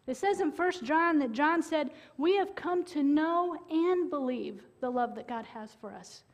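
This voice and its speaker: A woman preaching a sermon in an earnest way, with dramatic pauses and sudden loud bursts. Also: sits high, lively intonation.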